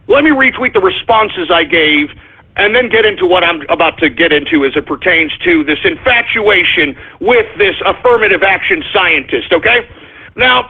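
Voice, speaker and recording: A man's voice: very high voice, slightly rough. A man hosting a talk radio show, ranting in a combative, sarcastic and repetitive way. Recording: tinny phone-like lo-fi audio.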